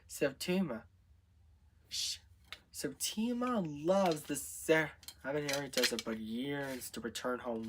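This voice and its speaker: A man improvising a story out loud, narrating in a halting way with restarts. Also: mid-range voice, slight background noise.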